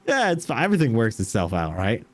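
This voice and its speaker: Laughing male game master, lively pitch. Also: fast. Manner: laughs often, affable. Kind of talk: post-session chat with players.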